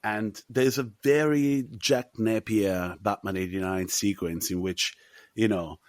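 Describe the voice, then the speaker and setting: A man's voice: lowish voice, fairly even intonation, measured pace, dry recording. A man co-hosting a film podcast, talking animatedly with lots of swearing and laughter. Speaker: podcast co-host. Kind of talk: casual film chat.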